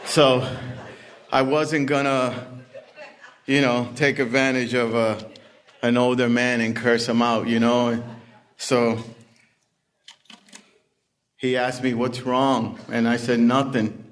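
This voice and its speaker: A middle-aged man gives personal testimony at a recovery meeting. He speaks in a plain, unhurried way, pausing often. His pitch sits in a flat, narrow band. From Puerto Rican family background. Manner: unhurried, plain-spoken storytelling with many pauses.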